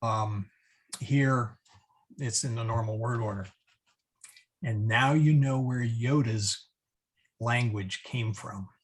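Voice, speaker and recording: A man with a medium-pitched voice teaches a Latin class online. He explains translations haltingly, saying "um" a lot and chuckling whenever he slips up.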